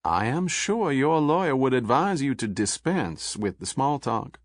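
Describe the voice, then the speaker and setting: A man doing a smooth Southern federal agent. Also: medium pitch, sing-song, a little slow, no room sound, clean studio sound, voice pushed up. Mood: cool. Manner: smooth, pleasant, coolly polite. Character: suave, icy male federal agent.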